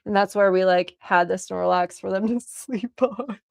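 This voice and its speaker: A young woman streamer rambling through a story with an easy, gravelly fry. She laughs often and swears casually. Her voice is close and dry on a desk mic. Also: medium pitch, normal speed, no room sound.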